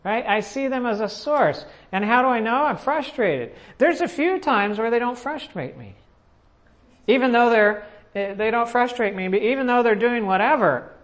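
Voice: mid-range voice, expressive, normal speed. A preacher giving a sermon as a conversational personal story, with frequent restarts and questions to the audience.

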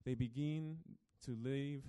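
A man preaching a sermon as a pastor, telling the story dramatically and swinging between hushed and loud. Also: medium pitch, fairly even intonation, slow pace, smooth.

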